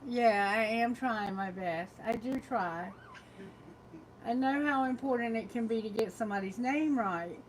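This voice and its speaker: A woman's voice: a little high, a little slow, a little hiss or hum, low-quality recording. A woman with a Southern American drawl, reading tarot on a live stream from her phone, chatty and laughing often as she greets viewers. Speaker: tarot reader.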